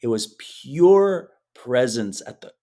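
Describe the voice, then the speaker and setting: A man's voice: mid-range voice, big pitch swings, slow pace, warm tone. A man who is a guest on a podcast interview, telling personal stories in an earnest, emotional way and acting out the quotes. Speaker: guest, hypnotherapist. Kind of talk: conversational interview storytelling.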